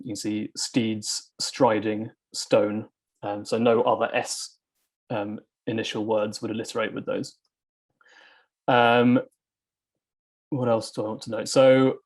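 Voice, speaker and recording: A man's voice: mid-range voice, a little mellow. A man giving an academic talk to a reading group, hesitant and full of ums and uhs. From England. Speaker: academic presenter.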